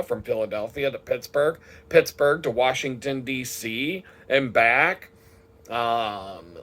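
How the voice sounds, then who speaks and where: A man's voice: medium pitch, fairly bright tone. A man talking casually in a rambling, profane vlog monologue, swearing freely as he tells his day. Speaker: vlogger.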